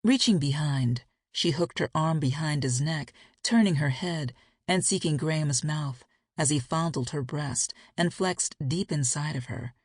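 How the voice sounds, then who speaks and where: A woman narrating a romance audiobook in a steady, intimate storytelling voice. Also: low voice, a little slow, husky, no echo, studio quality.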